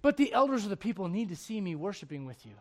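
A man's voice: high-pitched, big pitch swings, quick pace. A man voicing an insecure, image-obsessed king who pleads in a hesitant, wheedling way. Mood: pleading.

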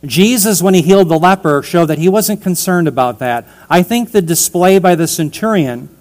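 A man preaching an expository sermon, reading scripture aloud and explaining its words with emphasis, speaking to the congregation as "dear ones". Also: high-pitched.

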